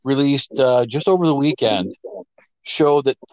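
A man, co-hosting a casual political talk show and making his points emphatically with deliberate pauses. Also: mid-range voice, a little mellow, dry recording, lo-fi sound. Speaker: co-host.

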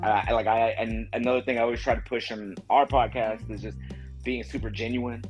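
A man's voice: medium pitch, steady tone, fairly quick, dull audio, faint music behind. Laid-back male podcast guest. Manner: laid-back, laughs often. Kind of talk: casual chat.

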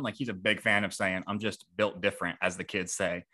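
Relaxed male host with a low, forceful voice who keeps the chat moving. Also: a little fast, few pauses. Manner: relaxed, filler-heavy, runs the topics. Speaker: podcast host. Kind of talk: casual podcast chat.

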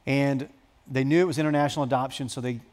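A man preaching a sermon to his church, telling a story with dramatic swings between hushed and loud. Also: mid-range voice, steady tone, quick pace. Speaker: pastor.

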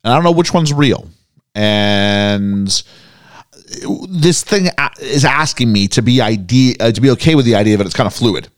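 Man, podcast co-host, critical questioning talk, smooth clear voice, dry sound. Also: medium pitch, moderate pace, no room sound. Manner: critical, questioning, animated reactions. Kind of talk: casual discussion.

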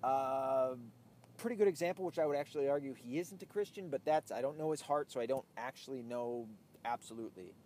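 A man's voice: mid-range voice, fairly quick, a little mellow. A man hosting his own show, ranting bluntly and profanely in casual talk while he drives a car. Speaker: podcast host. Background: faint vehicle noise.

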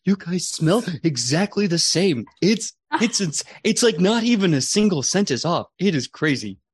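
Performer putting on a high, eager young dog-man, cheerful, friendly, gushing. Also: sing-song, normal speed, breathy edge, dry recording, studio quality.

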